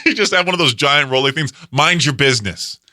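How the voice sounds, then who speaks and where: A man's voice: a little high, animated, a little fast, pushed and bright, no room sound, studio quality. A man hosting a radio show, bantering casually with a co-host, teasing and laughing often. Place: radio studio.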